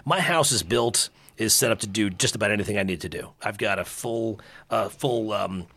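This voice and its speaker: A man, a burger expert and podcast guest, chatting casually and telling animated stories, acting out quotes and laughing often. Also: on the low side, normal speed, vocal fry, husky. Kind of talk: casual interview chat.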